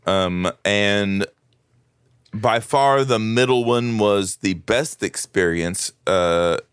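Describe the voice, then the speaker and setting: Slow-talking low-voiced man, podcast chat. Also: clean tone, no echo, studio quality. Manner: slow, hesitant, with many fillers. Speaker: podcast co-host. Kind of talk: casual comedy podcast chat.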